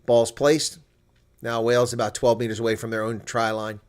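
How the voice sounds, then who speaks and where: A man at medium pitch and moderate pace hosts live commentary reacting to a rugby match. He calls the action with calm analysis and raises his voice in excitement during the big plays.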